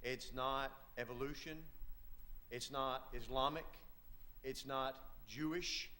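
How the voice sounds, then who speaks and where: A man preaching a sermon, emphatic and repetitive, with halting asides. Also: medium pitch, fairly even intonation, pushed and bright.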